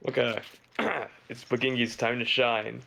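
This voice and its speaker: Guy playing a tabletop game, raspy gravelly voice, chill and loose. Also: mid-range voice, little pitch movement, measured pace, bright, forceful tone. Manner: casual, describing his character's actions. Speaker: player. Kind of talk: casual tabletop role-play.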